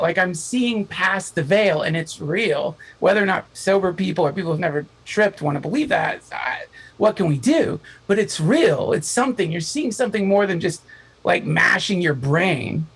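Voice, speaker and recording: Gravelly man telling a wild story. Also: sits high, moderate pace, poor audio. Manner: animated, profane, acts out quoted voices. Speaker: podcast guest. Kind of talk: casual storytelling chat.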